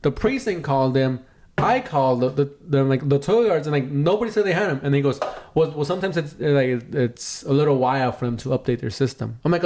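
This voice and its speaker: A young man co-hosts a podcast in a mid-range, brisk, slightly mellow voice. In a casual chat he tells a long story, swears often, and acts out the voices of the people in it.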